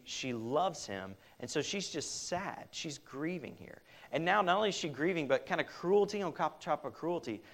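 Earnest man preaching an Easter sermon. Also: a little high. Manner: earnest, direct appeals to listeners with many restarts. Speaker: pastor.

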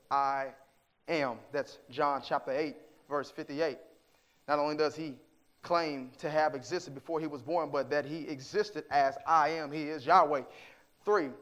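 A man preaching a sermon, with emphatic delivery that swings from hushed to forceful, asking rhetorical questions and quoting scripture. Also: fairly high pitch.

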